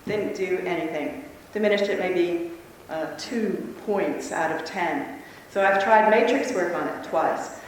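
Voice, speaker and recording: A woman speaking at a convention, telling a lively personal story to a live audience with frequent laughter. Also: lowish voice, unhurried, hardly any pauses, a little hiss or hum. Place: large conference hall. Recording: echoey hall, speaker far from mic.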